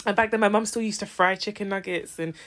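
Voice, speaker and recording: A young woman, co-hosting a podcast in animated casual chat, laughing often and saying "like" a lot. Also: mid-range voice, quick pace. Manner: animated, laughing, heavy use of "like". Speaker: podcast co-host.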